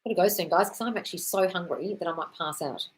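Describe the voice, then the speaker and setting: A woman's voice: on the low side, fast, slightly rough. An Australian woman talks straight into her live stream, answering viewer questions as a coach. She is blunt and sweary and keeps calling people darling, and she often reads the comments aloud before she answers them.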